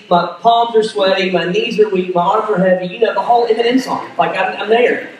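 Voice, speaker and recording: A man preaching a sermon as pastor, telling a story with acted-out dialogue and self-deprecating humor. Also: sits high. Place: church sanctuary. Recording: echoey hall, voice from far off.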